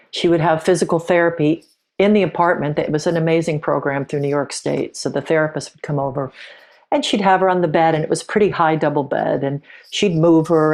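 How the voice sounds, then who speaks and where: A middle-aged woman who is a podcast guest, telling a personal story in a reflective, halting way with frequent restarts. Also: low-pitched, darkish tone.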